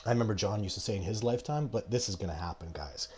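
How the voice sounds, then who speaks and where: Here the live-show host, a man in his forties, talks very fast in a lowish, slightly mellow voice over a bit of background noise. His casual replies to viewers ramble and veer off topic, delivered emphatically, with occasional coughs.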